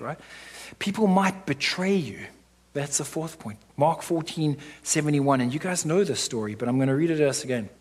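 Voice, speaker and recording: A man's voice: on the high side, animated, normal speed, slightly rough. A man preaching a sermon as pastor, emphatic and earnest, often checking in with the congregation through rhetorical questions.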